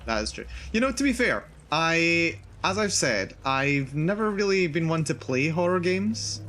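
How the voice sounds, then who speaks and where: A man's voice: a little high, very animated, a little slow, a bit bright. A male streamer giving live commentary on a horror game, nervous and repeating himself as he narrates his own fear. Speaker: VTuber streamer.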